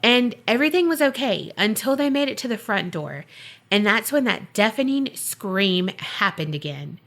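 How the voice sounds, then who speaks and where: A woman podcast host tells a spooky story in a relaxed, conversational way. She builds suspense with dramatic pauses and loose, chatty asides. Her voice sits at a middling pitch. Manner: chatty, dramatic, filler-heavy. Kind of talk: casual storytelling.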